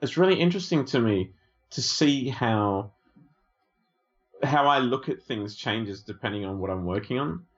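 A man co-hosting a casual podcast, talking in a relaxed, thoughtful way with frequent fillers. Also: medium pitch, moderate pace, dull audio. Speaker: podcast co-host.

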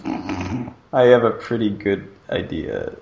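A man's voice: on the low side, very animated, takes it slowly, vocal fry, darkish tone. A man co-hosting a casual podcast, dry and argumentative, fond of rhetorical questions. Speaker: podcast co-host. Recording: roomy echo.

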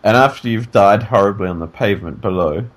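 A man co-hosting a casual podcast from bed, sleepy and yawning, talking in an animated, joking way that trails off and restarts. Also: fairly low pitch, fairly quick. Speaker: podcast co-host. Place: in bed at home.

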